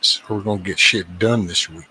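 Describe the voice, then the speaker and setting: A man's voice: low voice, normal speed, pushed and bright, breathy edge, rough recording. A man hosting a casual show, talking in a laid-back way and muttering and humming to himself between songs. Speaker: host. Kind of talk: casual chat.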